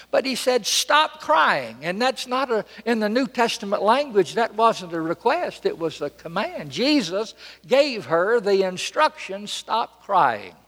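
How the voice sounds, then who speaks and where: A man preaching a sermon from a church pulpit, dramatic and emphatic, repeating phrases and swinging between loud and soft. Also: high-pitched, big-room sound.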